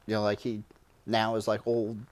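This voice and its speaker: A man guest-hosting a podcast in casual chat, excitable and laughing often, swearing and full of fillers. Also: on the low side, normal speed. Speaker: podcast producer, guest host.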